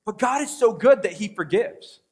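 High-voiced man preaching conversationally. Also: lively intonation, normal speed, slightly rough. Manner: conversational preaching with rhetorical questions and quoted prayers; swings from quiet asides to loud bursts. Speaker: pastor. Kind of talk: sermon.

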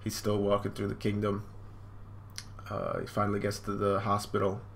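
A man's voice: on the low side, completely flat delivery, moderate pace, vocal fry, a little hiss or hum. A man streaming a live manga reaction from home, casually describing panels with lots of fillers. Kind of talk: live reaction, reading aloud.

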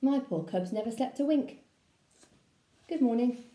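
A woman voicing a tall, polite, cheery camp leader man in a storybook reading, speaking softly and courteously. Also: a little high, animated, a little slow, roomy sound.

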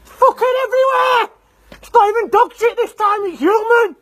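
A man's voice: extremely high pitch, moderate pace, fairly bright tone. A man voicing a crude young lad from the north of England, grumbling and boasting in a comedy sketch. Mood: complaining.

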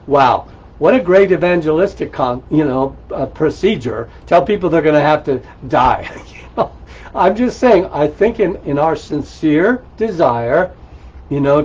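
Guy preaching, husky voice, kinda high, chatty asides, dull lo-fi sound. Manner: conversational and animated, with asides and rhetorical questions. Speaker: pastor. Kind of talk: sermon. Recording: dull lo-fi recording.

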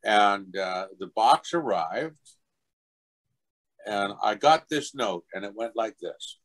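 An older voice actor tells anecdotes in an interview, animatedly acting out other people's voices in a high pitch. He takes his time and pauses often, and the recording quality is low.

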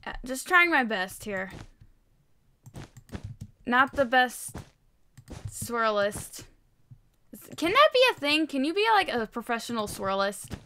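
A woman giving casual gameplay commentary while she builds, excitable and rambling, poking fun at herself. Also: on the high side, slow, long pauses, slight background noise. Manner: excitable, rambling, self-mocking. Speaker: Minecraft video creator.

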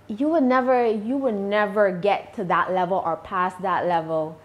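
A woman from Barbados with a Barbadian accent, answering interview questions about her channel in a deliberate, measured way. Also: medium pitch, steady tone. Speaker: YouTuber guest.

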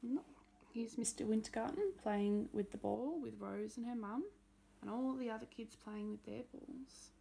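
A woman reading a children's picture book aloud in a gentle storytime manner, pointing out details in the pictures. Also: a little high, moderate pace, gravelly, husky. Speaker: storybook reader.

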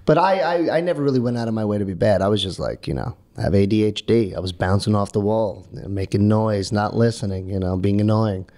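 A man's voice: on the low side, fairly quick, hardly any pauses, warm tone. A man co-hosting a casual podcast in a studio, joking loosely and swearing freely. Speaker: podcast co-host. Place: recording studio.

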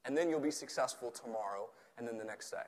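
A man from Tennessee with a Southern accent, preaching an animated, joking sermon in a church, swelling at times to near shouts. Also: mid-range voice, fast. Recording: long hall reverb.

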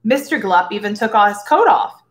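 A woman reading a story aloud to schoolchildren, expressive and ready with character voices. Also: medium pitch, normal speed.

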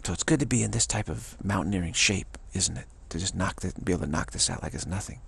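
A man with a deep, heavily gravelly voice rambles through an off-the-cuff spiritual talk. His tone is raspy and worn, and he drifts into folksy, chuckling asides as he goes. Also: fast talker, a bit bright. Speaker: spiritual teacher.

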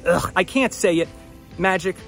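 A man's voice: high-pitched, moderate pace, vocal fry, loud music behind the voice. Chatty man touring a horse barn. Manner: excited, chatty, stumbles over words. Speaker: vlog host at a racetrack barn. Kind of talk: casual walk-and-talk vlog. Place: outdoors at a horse barn shed row.

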